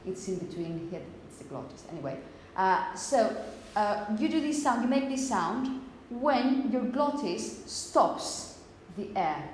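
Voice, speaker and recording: Her voice sits a little high as she lectures on phonetics, going over points slowly, repeating herself, and pausing to ask "okay?" The recording carries the long reverb of an echoey classroom plus a faint hiss.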